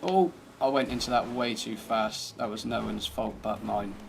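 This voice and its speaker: A man's voice: lowish voice, normal speed, creaky, background noise. A man giving casual, laid-back commentary over gameplay, thinking aloud as he drives and tests a car. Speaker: gaming channel host.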